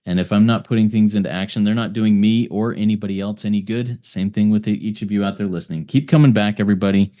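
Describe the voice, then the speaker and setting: A man's voice: on the low side, fairly even intonation, quick pace, few pauses, warm tone. A man co-hosting a recovery podcast, speaking in an earnest, thankful way with a few fillers. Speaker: podcast co-host. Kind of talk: casual recovery podcast talk.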